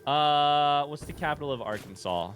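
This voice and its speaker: A young man from the United States chatting casually while playing a game on a livestream, thinking out loud in a rambling, distracted, self-deprecating way. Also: a little high, animated, normal speed, background noise. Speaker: streamer.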